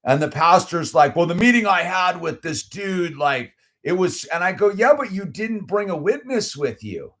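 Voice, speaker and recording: A middle-aged man with a slightly high voice tells a story in loose, casual chat. He gets animated and heated, leans on "dude" and "like," and restarts his sentences often. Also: normal speed, few pauses. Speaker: channel host.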